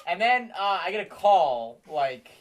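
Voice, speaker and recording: A young man on a casual group podcast, retelling his night in an animated way. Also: sits high, a little slow. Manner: animated retelling with quoted voices. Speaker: podcast co-host.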